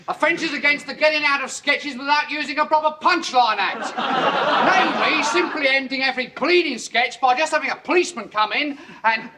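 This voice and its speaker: Ranting British inspector, high voice, hiss behind. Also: male voice. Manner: officious, reads out charges in a rant. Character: self-important male police inspector, blustering. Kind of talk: 1970s TV sketch comedy. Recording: hissy old TV recording.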